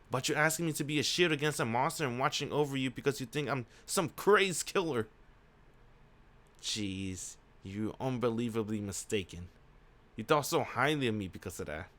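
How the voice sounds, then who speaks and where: A man's voice: a bit bright, close to an everyday voice. A man voicing a playful female vampire princess as he reads a visual novel aloud, lifting his voice for her lines. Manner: raised-pitch reading of her lines.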